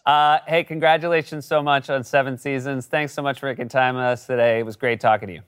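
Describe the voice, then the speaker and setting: A man's voice: medium pitch, steady tone, quick pace, a bit bright, smooth. A man from New Hampshire hosting a talk show, asking questions with little fillers and frequent laughs. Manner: laughs often, asks with fillers.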